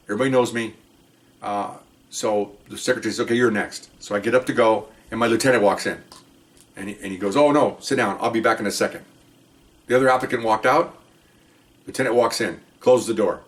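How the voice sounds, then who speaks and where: An older man, a retired police officer, telling a rambling story in a casual monologue, jumping up into an excited voice when he jokes. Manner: rambling, animated, jumps into a high excited voice when joking.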